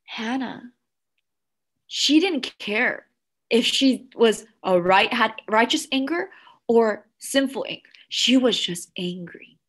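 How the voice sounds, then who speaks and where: A woman children's pastor preaching to kids, animated and asking the room questions. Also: a little high, slow pace. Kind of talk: children's sermon.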